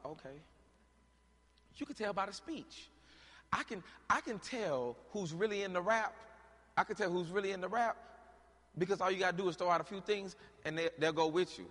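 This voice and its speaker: A man preaching a sermon in a church, asking rhetorical questions for the congregation to answer and swinging between shouting and quiet talk. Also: high voice, brisk, long pauses. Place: church hall. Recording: long hall reverb.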